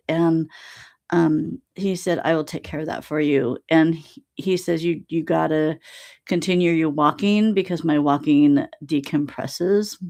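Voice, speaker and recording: A woman hosting a live stream, chatting casually and acting out quoted exchanges with lots of laughter. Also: sits low. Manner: animated storytelling, laughs often, acts out quoted exchanges.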